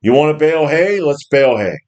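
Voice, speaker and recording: A man's voice: fairly high pitch, expressive, fairly quick, darkish tone, lo-fi sound. Blunt, profane man in his fifties. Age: 50s. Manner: blunt, profane and combative, with mocking put-on quotes; restarts and repeats words often. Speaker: home gym channel host. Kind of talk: casual opinion monologue.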